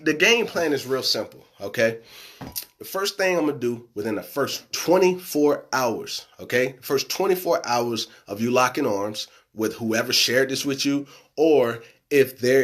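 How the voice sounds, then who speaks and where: Casting: young adult man, live-stream money coach, mid pitch, emphatic, keeps checking in with "right?". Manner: emphatic, repeats "right?" and "okay?" often.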